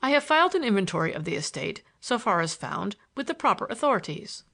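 A woman's voice: medium pitch, big pitch swings, fast, creaky, fairly bright tone, heavily acted. A woman voicing a stern, curt executor man. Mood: stern, indignant. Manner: curt, indignant. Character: stern, impatient male estate executor.

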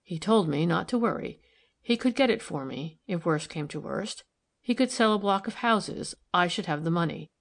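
A man's voice: sits high, expressive, normal speed, gravelly, fairly bright tone, full character voice. A woman reading the lines of a troubled young man who speaks soberly and wistfully in an audiobook.

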